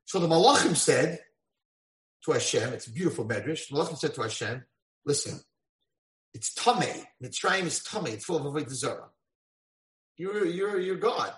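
Male lecturer, story-driven, animated delivery, high-ish voice, roomy echo. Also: fairly quick. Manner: animated, acts out voices in dialogue. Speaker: rabbi lecturer. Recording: echoey room.

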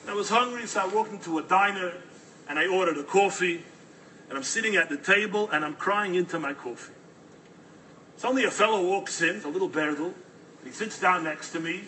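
A man telling a story in an animated, dramatic storytelling manner. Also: on the high side, recorded from a distance, a little hiss or hum, rough recording. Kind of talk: oral storytelling.

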